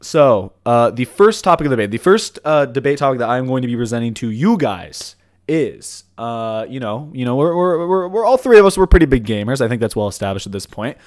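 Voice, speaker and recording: A young man hosting a casual podcast chat, rambling and restarting his sentences, quick to laugh. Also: medium pitch, very animated, no echo, studio quality. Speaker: podcast host.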